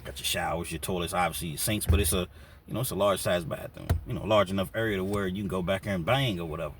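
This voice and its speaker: A man's voice: deep voice, fast, distant mic, music in the background. Man telling a prison story casually. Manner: loose, rambling, fillers like "you know, man". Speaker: storyteller recounting prison life.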